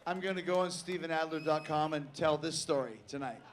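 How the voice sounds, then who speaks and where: A man hosting a live awards show on stage, loud and theatrical as he shouts to the crowd. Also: a little high, fairly quick, slight background noise.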